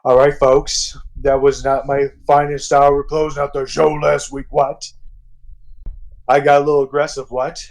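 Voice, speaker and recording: A man's voice: mid-range voice, little pitch movement, normal speed, vocal fry, darkish tone, natural voice, low-quality recording. A man voicing a blunt, brawling wrestler who scolds his peers and keeps barking "What?" between sentences. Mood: scolding. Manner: repeated barking "What?" interjections.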